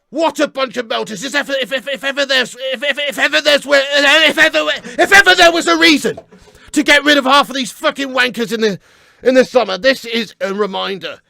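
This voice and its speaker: High, gravelly, shouting Englishman ranting. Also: no echo, clean studio sound. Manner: furious, heavily sweary, shouting rant. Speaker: fan reaction host. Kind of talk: ranting reaction video.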